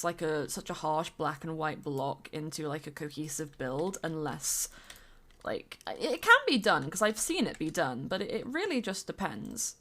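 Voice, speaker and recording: Lively rambling woman streamer. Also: lowish voice. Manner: lively and rambling, with fillers and bits of humming. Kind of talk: casual chat while building in a game.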